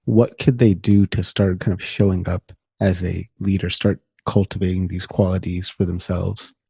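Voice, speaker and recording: A man's voice: sits low, flat delivery, moderate pace, gravelly, dark tone, husky, dry recording. A man hosting a podcast interview, asking friendly, thoughtful questions and rephrasing them as he goes. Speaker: podcast host.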